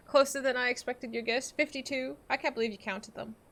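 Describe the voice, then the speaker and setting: A woman's voice: high-pitched, fairly even intonation, moderate pace, fairly bright tone. A woman streaming a game, chatting casually and giggling with her viewers. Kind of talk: casual live-stream chat.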